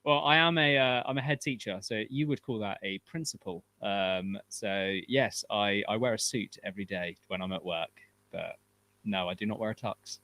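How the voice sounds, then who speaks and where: A man's voice: fairly low pitch, moderate pace, pushed and bright. A man from England with an English accent, a guest in a casual chat, polite and dryly humorous. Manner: polite, dry humour.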